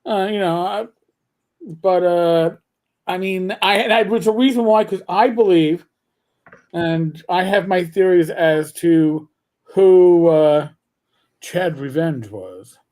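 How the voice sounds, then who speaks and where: A man co-hosting a casual chat, who talks very slowly and haltingly. He keeps restarting his sentences as he works his way toward a point. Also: sits high, darkish tone. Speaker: co-host.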